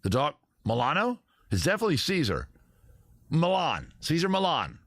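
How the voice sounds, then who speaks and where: A man hosting a casual live stream, rambling and joking at a close tabletop boom mic. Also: wildly swooping pitch, moderate pace, a bit bright, no room sound. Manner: rambling, jokey, self-interrupting. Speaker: host.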